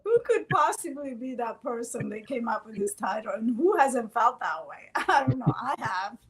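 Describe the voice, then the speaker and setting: A woman with a fairly high, breathy voice co-hosts a relaxed conversation. She teases her partner and laughs often while making her points. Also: moderate pace, rough recording. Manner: playful, teasing, laughs often. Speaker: podcast co-host. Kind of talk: casual chat.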